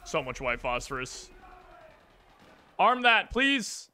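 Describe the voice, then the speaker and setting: A man commentating his own shooter gameplay, excitable and reactive, with game gunfire behind him. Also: a little high, slow pace. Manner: excitable, reactive, jokey, exclaims often. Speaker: gaming channel host. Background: gunfire and explosions from the game.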